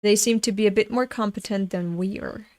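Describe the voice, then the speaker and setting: A woman's voice: mid-range voice, fairly even intonation, a little fast, darkish tone, no echo. A young adult woman reading a comic aloud at home, voicing every part herself and breaking off to react. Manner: reads all parts herself, breaks off to gush and laugh. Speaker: webcomic reader.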